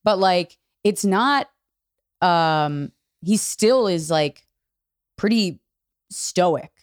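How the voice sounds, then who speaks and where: Candid, profane woman comedian with a low-ish voice. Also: extremely slow, dry recording, studio quality. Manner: candid, profane, animated storyteller. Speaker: comedian guest. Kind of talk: casual podcast conversation.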